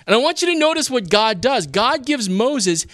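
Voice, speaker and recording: A man preaching a sermon in an expressive, teaching manner with rhetorical questions. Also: very high voice, normal speed, dry recording, clean studio sound. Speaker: pastor.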